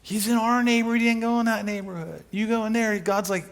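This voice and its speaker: High-voiced animated male preacher. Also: gravelly. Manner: acts out characters in quick asides, conversational and humorous. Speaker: guest speaker. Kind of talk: animated sermon storytelling.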